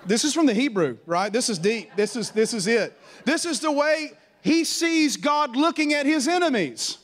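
A male pastor with a high, light voice preaches a sermon at normal speed, staying animated throughout and leading his congregation in call-and-response. To drive a point home, he slips into playful, mocking stammers.

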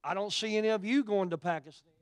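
Man, oklahoma accent, middle-aged preacher, high voice, dry close sound. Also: fast, clear, resonant tone, dry recording. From Oklahoma, USA. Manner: animated, swings from quiet asides to loud emphatic preaching. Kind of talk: sermon storytelling.

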